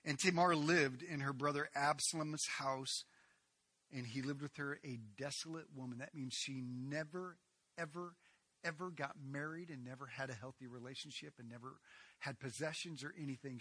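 A male pastor delivers a sermon, dropping to a hush and then rising to loud, forceful lines. His voice is sharp and fairly high. The sound is dry and close. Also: normal speed, slightly rough, no echo. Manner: dramatic swings from hushed to loud.

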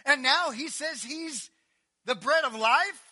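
A man's voice: very high-pitched, slow pace, sharp tone, big-room sound, pitched above the performer's own voice, heavily acted. A preacher doing a scoffing small-town neighbor man. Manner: incredulous, chatty, exaggerated.

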